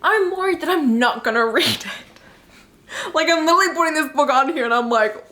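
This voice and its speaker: Chatty excitable woman, higher voice. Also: a little fast. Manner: chatty and excitable, with lots of fillers. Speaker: book vlogger. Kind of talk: casual chat to camera. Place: home in New York.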